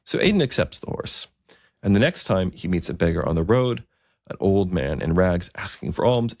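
A man telling a historical story in a relaxed, conversational way, with asides and fillers. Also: on the low side, no room sound, clean studio sound.

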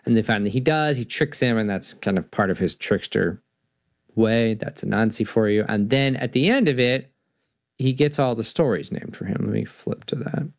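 A man hosting a talk show, reading stories aloud and explaining what they mean in an animated way. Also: lowish voice, moderate pace, no room sound, studio quality. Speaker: podcast host. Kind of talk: storytelling and philosophy talk.

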